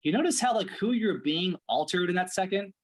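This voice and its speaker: This man's voice sits high, and he speaks animatedly and a little fast. As a performance coach in a blunt one-on-one session, he's direct and profane, repeatedly asking his client "right?"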